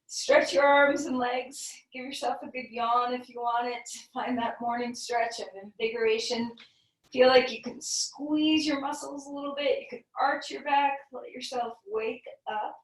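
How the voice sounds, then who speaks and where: A woman with a fairly high voice guides a yoga class in calm, gentle, encouraging cues. She sits some way back from the mic, and her voice rings around an echoey room. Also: moderate pace, far from the mic. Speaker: yoga teacher.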